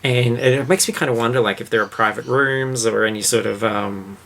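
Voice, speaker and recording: A man's voice: mid-range voice, brisk, gravelly, fairly bright tone. A man hosting a podcast, chatting casually and jokily about a book and its film, with a lot of fillers. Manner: rambling, jokey, lots of fillers. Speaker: podcast host.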